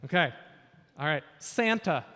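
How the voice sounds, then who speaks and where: A man's voice: a little high, lively intonation, unhurried, sharp tone. A man from Washington state hosting a live stage quiz, upbeat and chatty with joking asides, on a stage microphone. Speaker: quiz host. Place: large event hall. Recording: reverberant hall sound.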